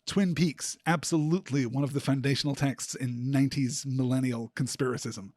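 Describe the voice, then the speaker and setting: A man hosting a podcast, giving a measured close-reading analysis of a text and slowing down to scan lines of poetry aloud. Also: mid-range voice, fairly even intonation, a little mellow, no room sound. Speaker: podcast host.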